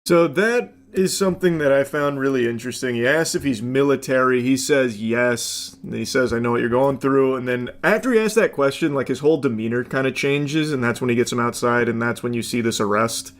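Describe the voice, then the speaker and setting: A man's voice: medium pitch, fairly quick, hardly any pauses. Rambling man narrating a video. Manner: rambling, speculative, lots of fillers. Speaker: commentator. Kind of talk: casual video commentary.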